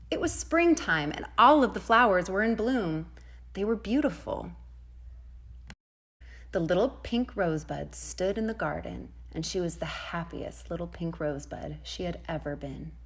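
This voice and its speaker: A woman preschool teacher reads a storybook aloud to young children. Her gentle, expressive delivery rises and falls with lively pitch, and she drops to a soft hush for sound effects.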